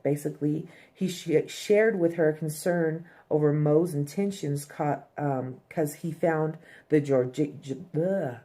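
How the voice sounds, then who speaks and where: A woman's voice: low voice, warm tone. A woman giving a casual, profane recap of a TV episode, full of "um" and "like". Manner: loose and profane, heavy "um" and "like".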